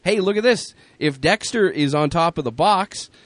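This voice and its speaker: A man's voice: a little high, expressive, normal speed, no echo. Enthusiastic male talk show host. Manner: enthusiastic, repeats words when he restarts. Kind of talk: casual talk show chat.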